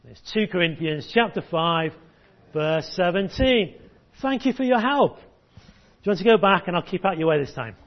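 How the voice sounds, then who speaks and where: A man's voice: on the high side, moderate pace, lo-fi sound. A man preaching a sermon and leading children through a memory verse, encouraging and call-and-response. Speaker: pastor. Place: church service.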